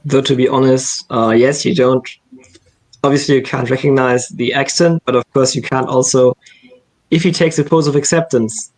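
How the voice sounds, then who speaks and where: A man as a guest in a casual book discussion, explaining his view in a measured way. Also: medium pitch, fairly even intonation, a little mellow, poor audio.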